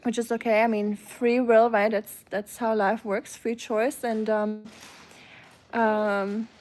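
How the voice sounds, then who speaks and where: German lady streaming, chatty, reading chat out loud and answering, voice sits a bit high. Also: level tone, slow. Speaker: live streamer. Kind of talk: casual live-stream chat.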